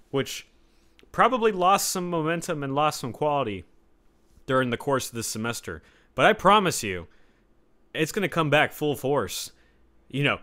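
A young man talks into his home podcast mic in a loose, rambling rant. His voice is bright and forward, and he swears freely. He shifts between low muttered asides and sudden loud outbursts. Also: expressive, moderate pace, long pauses. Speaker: podcast host. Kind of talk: solo casual podcast rant. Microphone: home podcast mic setup.

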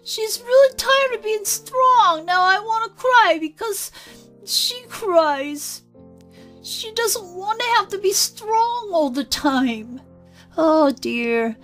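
A woman's voice: very high voice, lively intonation, slow pace, a bit bright, soft background music, heavily acted. A woman speaking as her inner child, an earnest, anxious five-year-old girl who rambles and apologizes. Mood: worried. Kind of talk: spoken channeling session.

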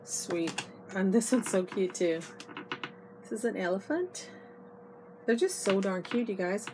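A woman's voice: mid-range voice, lively intonation, unhurried. A middle-aged woman chatting to her viewers in a casual haul video, gushing and losing her voice. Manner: chatty and gushing, addresses viewers as "you guys". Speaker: vlogger. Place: inside an RV. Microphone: iPod. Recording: noisy home video.

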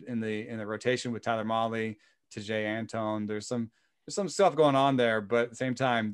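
A man's voice: on the low side, smooth, dry recording, clean studio sound. A man co-hosting a podcast, rambling casually about baseball with many "um"s and "uh"s. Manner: rambling, heavy on "um" and "uh", jokey. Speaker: podcast co-host.

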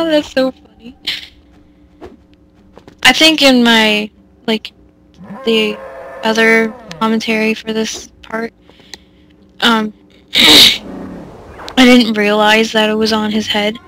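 A woman's voice: fairly high pitch, fairly even intonation, slow pace, pauses often, sharp tone, a little hiss or hum. A woman casually commenting over gameplay, rambling and self-deprecating, with lots of fillers and giggles. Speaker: let's play commentator.

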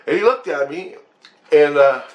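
A man's voice: on the high side, lively intonation, normal speed, dull audio. A man rambling through a personal story in blunt, profane talk, restarting his sentences often. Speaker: vlogger sharing spiritual experiences.

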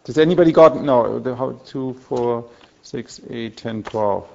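A man's voice: medium pitch, a little slow, creaky, lo-fi sound. A man giving a university lecture in a conversational way, with many restarts and fillers as he corrects himself. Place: lecture hall.

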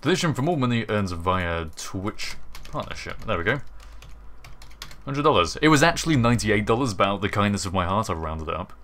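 A British man hosting a casual livestream at his desk, chatty and wry, a little worn out. His voice sits fairly low. He jokes at his own expense between tasks. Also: big pitch swings, brisk, fairly bright tone, a little hiss or hum. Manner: chatty, self-mocking, tired. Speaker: stream host.

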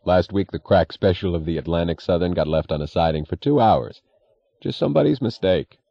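Guy reading a smirky sarcastic railroad fireman, low voice, dry close sound. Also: fairly quick, gravelly, no echo, muffled recording. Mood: wry. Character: wry, mocking male train fireman.

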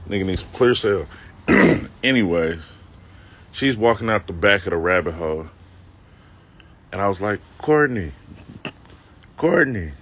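A low-voiced man with a fairly bright tone tells a funny story from his own life to a live-stream audience, speaking at normal speed with long pauses. He's outside on a city street, and his telling is slangy and loose, with self-mocking remarks to viewers.

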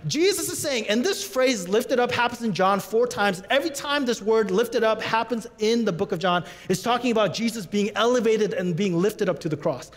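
A man preaching a sermon as pastor, animated, rising to high emphatic peaks. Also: moderate pace, hardly any pauses, in a large hall.

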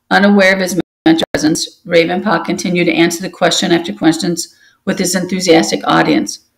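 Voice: mid-range voice, creaky, fairly bright tone. A book club reader reading a novel aloud steadily, with occasional restarts after slips.

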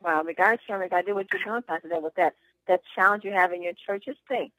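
A woman's voice: lowish voice, fast talker, a bit bright, no echo, low-quality recording. Woman host on a conference call, chatty anecdotes, upbeat sales pep talk, dry close sound. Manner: chatty storyteller, upbeat encouragement.

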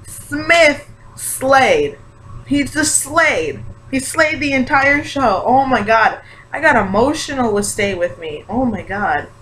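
A young woman chatting excitedly in a casual reaction vlog, gushing and full of fillers. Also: medium pitch, poor audio. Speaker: vlogger. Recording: faint background hiss.

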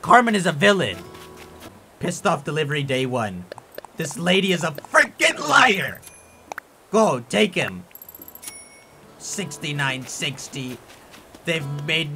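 A young man giving casual gameplay commentary, ranting in an animated, theatrically angry way. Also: on the high side, unhurried, long pauses, a little hiss or hum. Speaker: gaming YouTuber. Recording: faint music behind.

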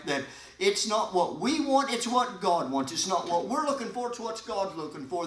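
Man, pastor, folksy animated sermon, high-pitched, roomy church echo. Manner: folksy, animated preaching with sudden loud emphasis and quiet asides. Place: church sanctuary. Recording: echoey church hall.

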